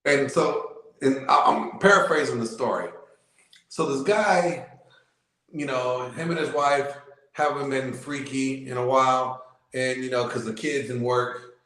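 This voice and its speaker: A man's voice: medium pitch, measured pace, fairly bright tone. A man, a guest in a casual chat, tells a long anecdote full of ums and you-knows. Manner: rambling anecdotes with filler words. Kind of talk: casual storytelling. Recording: very echoey room.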